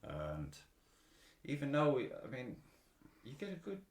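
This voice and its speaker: A podcast host with a medium-pitched, unhurried voice chats casually, cursing freely and poking fun at himself. He's animated and laughs often, and the recording has a roomy echo.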